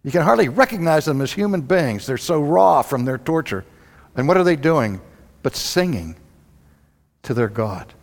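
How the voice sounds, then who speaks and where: A man preaching a sermon, telling the story dramatically, swinging from loud outbursts to hushed lows. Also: expressive, normal speed. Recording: long hall reverb.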